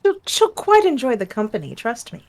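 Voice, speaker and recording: A woman's voice: fairly high pitch, wildly swooping pitch, fairly quick, gravelly, a little mellow. A woman playing a tabletop game, bantering in a teasing, flirty way. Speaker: player.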